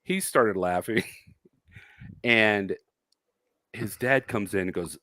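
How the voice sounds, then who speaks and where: A man's voice: fairly low pitch, slow, pushed and bright, no room sound. A man co-hosting a casual livestream chat, telling a rambling story and laughing often. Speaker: co-host.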